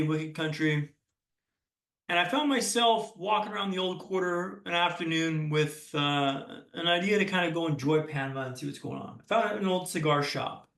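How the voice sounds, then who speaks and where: A man's voice: fairly high pitch, fairly bright tone. A young man giving an earnest motivational keynote talk, telling personal stories and often restarting his phrases. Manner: earnest storytelling with frequent restarts. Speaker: keynote speaker. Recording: roomy sound from a distance.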